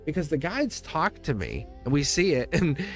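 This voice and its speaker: A middle-aged man with a Boston accent leads a live tarot reading in a chatty, straight-shooting way, often breaking into giggles. His voice swings up and down with lively energy. Faint music plays behind him. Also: on the high side, normal speed. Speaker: tarot reader.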